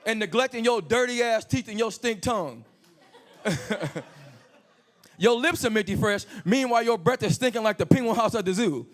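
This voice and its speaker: High voiced guy doing crude standup on a club stage, handheld mic, animated. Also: moderate pace. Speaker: stand-up comedian. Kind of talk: stand-up comedy set.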